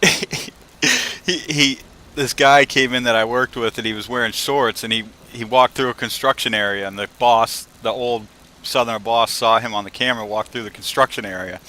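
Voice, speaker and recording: A man's voice: medium pitch, pushed and bright. A man streaming a video game, rambling in casual, chatty commentary and laughing as he tells stories. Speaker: gaming streamer.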